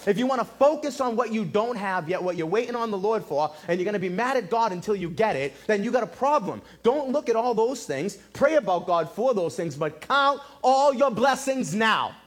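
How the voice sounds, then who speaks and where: High-voiced animated male pastor. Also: moderate pace, hardly any pauses. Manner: animated storytelling, acting out quotes. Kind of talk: sermon. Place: church in Massachusetts.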